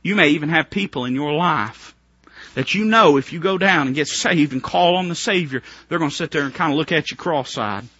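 A man preaching a fervent revival sermon, dropping to a hush and then rising to near shouts, with many rhetorical questions. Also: on the high side, a little fast, husky, no echo, muffled recording.

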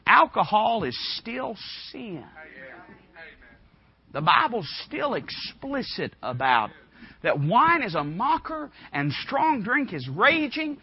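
A man preaching a sermon, impassioned and swinging between loud and hushed, with a husky voice. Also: a little high, lo-fi sound.

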